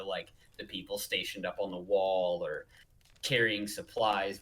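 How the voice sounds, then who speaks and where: A man's voice: lowish voice, sharp tone, slight background noise, poor audio. A man co-hosting a casual online talk show, chiming in with wry jokes and plot details. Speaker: podcast co-host and chat moderator. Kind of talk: casual chat.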